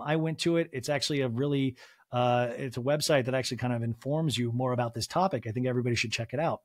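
A man's voice: medium pitch, quick pace, dry recording, studio quality. A man hosting a reality TV recap podcast, chatty and profane with lots of fillers and asides. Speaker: podcast host.

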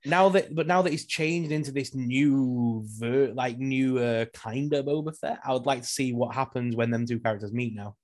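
Opinionated guy on a podcast, blunt, laughs a lot, average pitch. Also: steady tone, normal speed, hardly any pauses, darkish tone. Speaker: podcast co-host. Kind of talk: casual chat.

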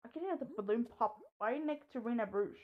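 A woman vlogger commenting on a mobile game and telling a personal story, hesitant with many ums and sudden excited outbursts. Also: a little high, a little fast, narrow, tinny audio. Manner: hesitant, lots of ums and restarts; excitable outbursts during play. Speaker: gaming vlogger.

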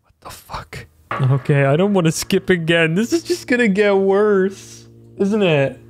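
A man talks casually and slowly over a game, curious and talking to himself. His voice sits a little high, with faint hiss behind it. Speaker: gaming YouTuber. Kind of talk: casual let's-play commentary.

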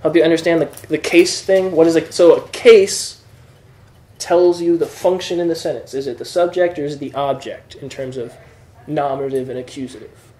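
A man's voice: on the high side, fairly even intonation, moderate pace, a little mellow. A man teaching a classroom lesson, explaining patiently and checking that students follow. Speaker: Greek teacher. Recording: echoey room.

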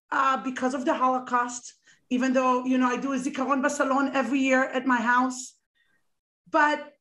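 A woman's voice: sits high, a bit bright. A middle-aged woman co-hosting an interview, emotional and rambling with many restarts. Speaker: co-host. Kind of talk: interview chat. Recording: echoey room.

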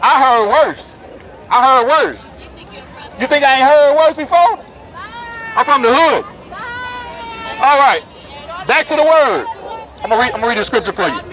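High-voiced man preaching on a loud street. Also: animated, normal speed, long pauses, rough recording. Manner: forceful and repetitive, calls out passersby. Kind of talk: open-air street preaching. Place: busy city street outdoors. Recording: street crowd and traffic noise. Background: crowd chatter and passing vehicles.

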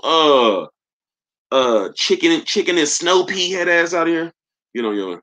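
A man's voice: mid-range voice, expressive, moderate pace, a bit bright. A young man hosting a live sneaker stream, chatting loosely and roasting viewers in slangy, joking talk. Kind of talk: casual live-stream chat reading comments.

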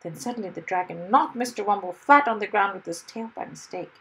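A woman reading a children's story aloud in a lively, expressive way. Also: mid-range voice, brisk, husky, poor audio.

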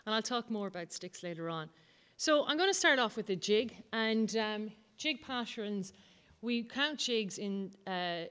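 A woman's voice: medium pitch, smooth. A woman with an Irish accent teaching the bodhrán, patiently explaining and counting the beats aloud. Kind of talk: music lesson demonstration. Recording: loud drumming behind the voice.

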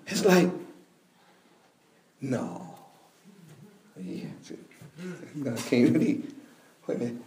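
A man preaching a sermon, telling a story with bursts of shouting and laughter. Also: medium pitch, big pitch swings, slow pace, pauses often, reverberant, a little hiss or hum.

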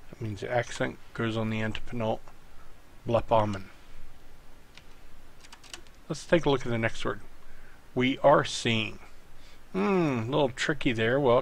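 A man's voice: mid-range voice, measured pace, vocal fry, long pauses, a little hiss or hum. A man teaching a language lesson while typing at his computer, patiently talking the student through each step. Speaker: Greek teacher. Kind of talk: screen-recorded tutorial lesson.

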